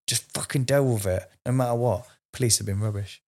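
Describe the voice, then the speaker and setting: A man's voice: mid-range voice, brisk, a little mellow. A man in his forties telling a raw, emotional personal story in a candid conversation, swearing freely. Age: 40s.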